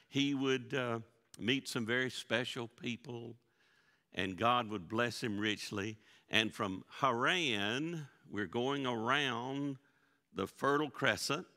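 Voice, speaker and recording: A man's voice: medium pitch, pushed and bright, smooth. A man teaching a Bible lesson to his congregation, folksy and often asking them questions. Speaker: pastor teaching a Bible study. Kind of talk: interactive church Bible lesson. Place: church sanctuary. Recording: long church hall reverb.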